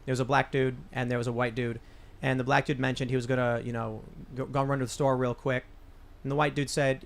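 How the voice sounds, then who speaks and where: A man's voice: medium pitch, level tone, fairly quick, vocal fry. A man hosting a podcast, telling a long personal story in casual political talk, often restarting his sentences. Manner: rambling storyteller with frequent restarts. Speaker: podcast host.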